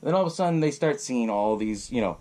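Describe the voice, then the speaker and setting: A man hosting a podcast, recapping a film in a casual, profane, animated way and laughing often. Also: mid-range voice, quick pace. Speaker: podcast host.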